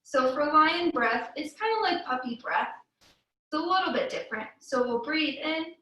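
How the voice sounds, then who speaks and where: High, bright-voiced kids yoga teacher in an echoey room. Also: female voice, animated, moderate pace, recorded from a distance. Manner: upbeat and encouraging, with sung cues and playful animal sounds. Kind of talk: guiding a children's yoga class.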